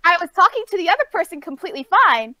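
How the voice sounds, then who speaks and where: A woman co-hosting a casual podcast chat, telling an animated story with laughs and acted-out quotes. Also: extremely high pitch, very fast, no echo. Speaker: podcast co-host.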